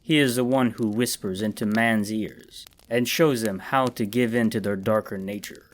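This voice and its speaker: A man voicing a grim, weary ancient immortal in a horror story, with a deep voice and slow, somber delivery. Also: slight background noise, lightly acted. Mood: ominous.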